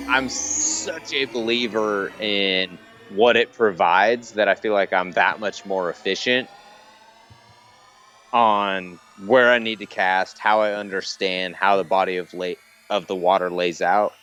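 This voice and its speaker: A man's voice: low-pitched, steady tone, unhurried, sharp tone. A man guesting on a show, chatting casually and giving earnest advice. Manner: jokey, slips into mock accents, then earnest advice. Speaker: guest angler. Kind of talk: casual interview chat.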